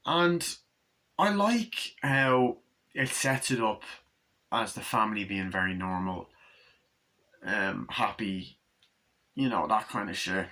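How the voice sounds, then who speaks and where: A man's voice: fairly low pitch, lively intonation, slow pace, long pauses, pushed and bright. A young man giving a casual, rambling movie review, full of swearing and filler words. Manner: rambling, profane, filler-heavy.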